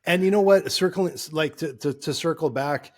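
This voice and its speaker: A man's voice: on the high side, moderate pace. A man co-hosting a business podcast, rambling loosely with lots of restarts and filler. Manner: rambling, full of restarts and likes. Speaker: podcast co-host. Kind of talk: casual podcast chat.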